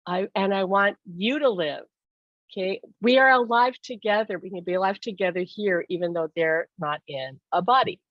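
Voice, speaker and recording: A woman's voice: fairly low pitch, dry recording. Earnest middle-aged woman telling a story. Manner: earnest, animated storytelling with laughs. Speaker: author and host. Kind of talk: casual talk to camera. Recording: dry, dull lo-fi sound.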